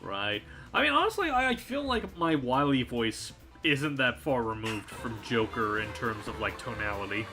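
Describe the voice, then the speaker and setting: A man streaming a kart racing game, chatting casually with an animated, rambling manner full of restarts. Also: medium pitch, measured pace, hardly any pauses. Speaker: streamer and voice actor. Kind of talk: casual chat while gaming. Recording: game music playing behind.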